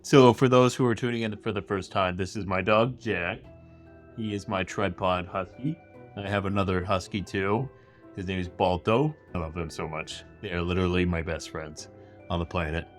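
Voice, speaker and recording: A man's voice: sits low, steady tone, moderate pace, faint music behind. A man hosting a podcast, telling a true crime story in a chatty, casual way with lots of asides. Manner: chatty retelling full of "like" and asides. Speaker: podcast host. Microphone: camera-facing setup.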